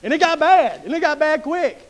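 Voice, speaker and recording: A man's voice: very high voice, lively intonation, fairly quick. A man from Mississippi with a Southern accent preaching a sermon in a church, telling folksy stories in plain Southern talk. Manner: folksy storytelling with Southern slang. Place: church sanctuary.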